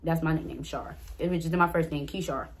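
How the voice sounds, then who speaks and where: Speaking a little fast in a low voice, a young vlogger talks straight to her audience, going through get-to-know-me questions by reading each one aloud before giving her answer.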